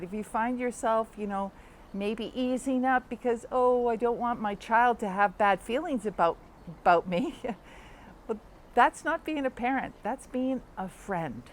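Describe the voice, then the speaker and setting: Slow-talking woman, casual talk. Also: on the high side, darkish tone, slight background noise. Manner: unhurried, many fillers and restarts, acts out quoted dialogue. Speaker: host.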